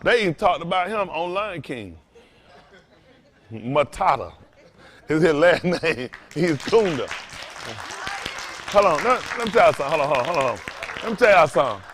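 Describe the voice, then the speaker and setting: Preaching man, emphatic and loud. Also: on the high side, very animated, moderate pace, pauses often, a crowd in the background, background noise. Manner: loose, emphatic, rising to loud bursts. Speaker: pastor. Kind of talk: preaching to a congregation.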